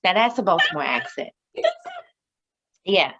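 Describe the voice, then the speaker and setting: A woman co-hosting a casual chat show, measured and reasoning, often putting questions to her partner. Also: lowish voice, sing-song, fairly bright tone, highs cut off. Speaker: podcast co-host.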